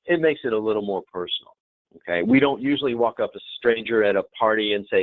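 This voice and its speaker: A man presenting a hospitality training webinar, demonstrative and lively, often checking in with the audience. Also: fairly low pitch, quick pace, no room sound. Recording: tinny phone-like webinar audio.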